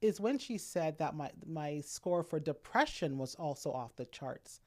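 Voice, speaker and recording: A middle-aged woman speaking candidly and reflectively about a personal experience, with pauses and restarts. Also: low-pitched, lively intonation, mellow. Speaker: speaker sharing a personal story. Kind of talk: intimate personal talk.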